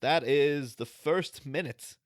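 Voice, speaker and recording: A man's voice: on the high side, slow, dry recording, clean studio sound. A man co-hosting a podcast, rambling with lots of fillers and restarts, laughing as he goes. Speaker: podcast co-host. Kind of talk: casual chat.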